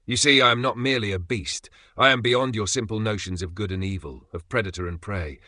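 A vain, boastful male dragon of a storybook , put on by a male narrator, booming out grand proclamations in a raised, bright-edged voice. The sound is dry and close, with no room around it. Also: brisk, no echo. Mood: grandiose.

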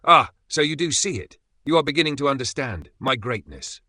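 Guy doing a big vain storybook dragon, booming and full of himself, pushed up higher, bright, dry close sound. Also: expressive, a little fast, no room sound. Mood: boastful. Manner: grandiose, booming declarations. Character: vain boastful male dragon, huge, demanding praise.

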